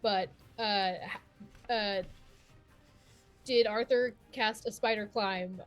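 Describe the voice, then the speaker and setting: A woman's voice: medium pitch, steady tone, slow, soft background music. A woman playing in a tabletop game, asking hesitant questions in casual chat. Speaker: player.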